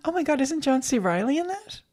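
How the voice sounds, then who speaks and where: A woman co-hosting a podcast in casual chat, animated and joking, talking into a podcast microphone. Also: sits high, brisk. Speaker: podcast co-host.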